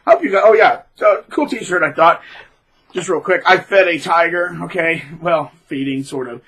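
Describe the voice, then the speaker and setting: A man talks to his audience in a loose, rambling monologue, restarting his sentences and punching words with sudden loud emphasis. His voice sits a little high, with a bright, edgy tone and a husky grain. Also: moderate pace, rough recording. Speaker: channel host. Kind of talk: casual advice monologue.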